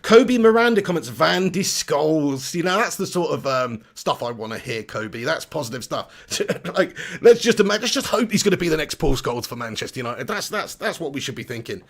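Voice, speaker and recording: A man hosting a live stream, chatty and energetic, reading out viewer comments. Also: a little high, fairly quick, few pauses. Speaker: football fan channel host.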